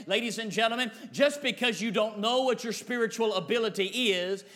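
A man's voice: high-pitched, a little fast. A man preaching a fervent, emphatic sermon as pastor, speaking straight to his congregation and hammering home repeated phrases. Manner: fervent, emphatic, rising to shouts.

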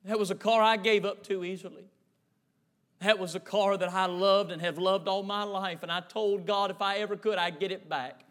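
A man's voice: high voice, steady tone, moderate pace. A man voicing a tearful, determined old man talking about his long-lost car. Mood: tender. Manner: hushed, emotional, determined.

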